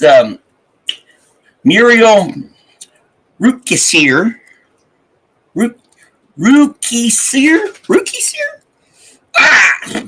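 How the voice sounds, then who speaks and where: A man's voice: high-pitched, sharp tone, husky, low-quality recording. A man hosting a morning live stream, rambling and laughing as he greets his chat. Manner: rambling, laughing, swearing, chatty. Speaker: livestream host.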